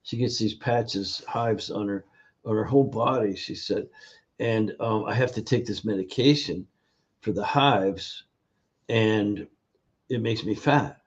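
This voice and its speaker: Guesting in a casual interview over video, a functional nutrition educator speaks in a husky, low-leaning voice. He acts out the voices of people in his stories, telling them haltingly with many fillers, and the recording sounds dull and lo-fi.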